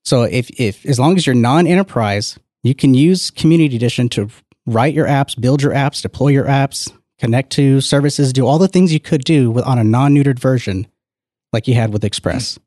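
A man co-hosting a casual tech podcast, explaining software and joking along. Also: mid-range voice, moderate pace, no room sound, clean studio sound. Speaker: podcast co-host.

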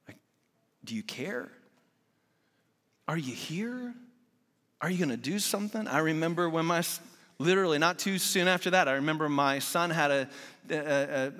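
A man in his forties preaches a sermon with a bright, forceful edge to his voice. He talks candidly, like he's telling friends a story. The sound rings out with the long reverb of a large church hall. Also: a little high. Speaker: guest preacher.

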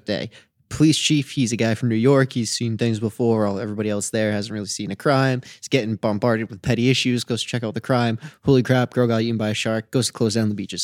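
Dude on a movie podcast, jokey, clipped plot rundown, mid pitch, dry sound. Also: male voice, darkish tone, no room sound. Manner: joking, quick plot summary in clipped phrases. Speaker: podcast co-host. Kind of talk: casual chat about movies.

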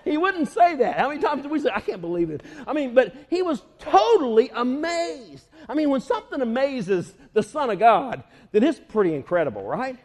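High-voiced, animated male preacher. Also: moderate pace, hardly any pauses, long reverb tail. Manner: animated, laughs often, acts out scenes. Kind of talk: lively sermon.

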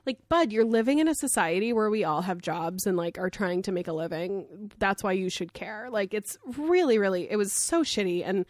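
A woman co-hosting a podcast, recapping a show in animated casual chat, swearing freely and acting out the characters' lines. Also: mid-range voice, normal speed, few pauses, dry recording, studio quality. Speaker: podcast co-host.

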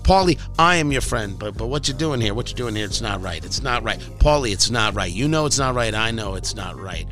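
A man's voice: fairly low pitch, animated, brisk, hardly any pauses, pushed and bright, faint music behind, voice pushed down. A man voicing a menacing mobster who makes veiled threats in a coaxing, repetitive way.

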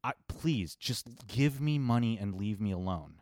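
A man's voice: fairly low pitch, lively intonation, measured pace, a little mellow, no room sound. A man co-hosting a podcast, talking in a sarcastic, rambling, swearing way. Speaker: podcast co-host. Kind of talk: casual chat.

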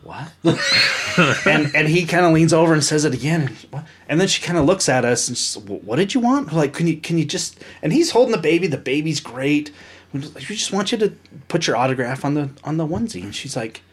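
A man's voice: on the high side, fast. A man co-hosting a podcast, telling a funny anecdote and acting out the people in it. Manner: animated anecdote teller, acts out voices. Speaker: podcast co-host. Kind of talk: casual storytelling.

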